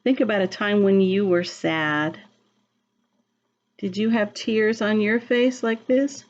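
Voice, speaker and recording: A woman reads a picture book to small children at an unhurried pace, stopping to ask them gentle questions about the pages. Her voice sits at an ordinary pitch. The recording sounds dull and lo-fi. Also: steady tone. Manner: slow, gentle, asks the listener questions. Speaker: early-childhood reader. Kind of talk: reading a picture book aloud to young children.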